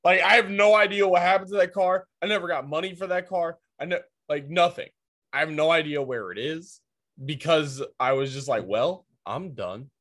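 A man's voice: a little high, moderate pace, fairly bright tone. A man chatting casually as co-host, chiming in with his own anecdote. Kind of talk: casual chat.

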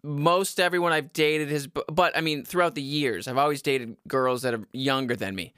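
A man's voice: fairly high pitch, normal speed, a bit bright, clean tone, no room sound, clean studio sound. A man in his twenties rambling crudely at home to his viewers, often laughing at his own jokes and stumbling over his words. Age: 20s. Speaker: vlogger giving dating advice. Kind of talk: casual rambling monologue to camera.

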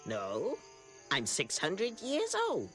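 A man's voice: on the high side, wildly swooping pitch, slow pace, faint music behind, full character voice. An actor playing a spiteful small male leprechaun in a horror film, speaking in a taunting sing-song lilt. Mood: mocking. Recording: movie audio under loud score and crickets.

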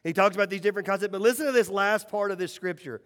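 A middle-aged man preaching a sermon, telling stories and swinging between loud and hushed lines. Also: high-pitched, very fast. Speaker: pastor. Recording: echoey hall reverb.

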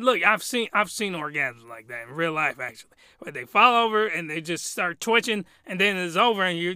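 High, very bright ranting man. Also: clean tone, no echo, studio quality. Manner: rambling, exclamatory, loose and colloquial. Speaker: anime reviewer. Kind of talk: comedic review rant.

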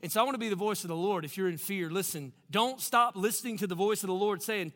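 Pastor guy preaching, big swings loud to quiet, bright voice bouncing around a big hall. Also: sits high, quick pace, few pauses. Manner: animated, swings from loud to hushed, acts out quotes. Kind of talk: sermon.

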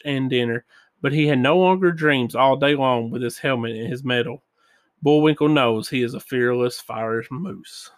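A man reading children's storybooks and prayers aloud, with gentle sound effects and small voices. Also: medium pitch, dry recording, studio quality. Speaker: reader of children's books.

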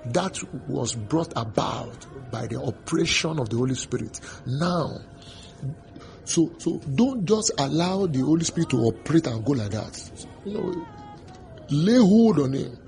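A man preaching a sermon, repeating his phrases and breaking into sudden loud outbursts. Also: a little high, expressive, measured pace, creaky, a little hiss or hum.

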